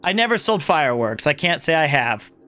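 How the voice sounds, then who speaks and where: A man's voice: on the high side, very animated, a little fast, sharp tone. A man in his thirties chatting casually with viewers on a live stream, rambling through jokey, self-mocking stories.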